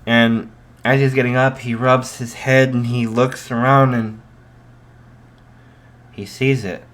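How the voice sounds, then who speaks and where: Man, storyteller, slow pace, mid pitch, lots of fillers and restarts, improvised narration. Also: flat delivery, fairly bright tone. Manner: unhurried, with many fillers and restarts.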